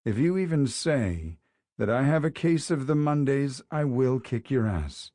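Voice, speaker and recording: A man's voice: medium pitch, lively intonation, measured pace, warm tone, dry recording, voice pushed up, lightly acted. Man playing a grumbling schoolteacher, irritable, muttering, dry close audiobook sound. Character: grumpy male teacher in a foul morning mood. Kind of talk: audiobook character voice.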